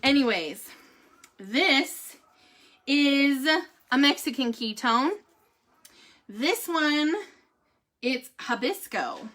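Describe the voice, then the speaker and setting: Middle-aged woman, casual vlog host, high and bright, animated, quick to laugh. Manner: animated, laughs often, says "holy cow" and "y'all". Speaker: vlogger giving a family update and product review.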